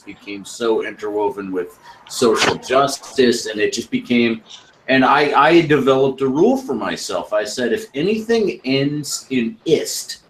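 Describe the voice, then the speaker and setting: A man's voice: medium pitch, poor audio. An American man talking bluntly and emphatically in a casual group chat, swearing along the way.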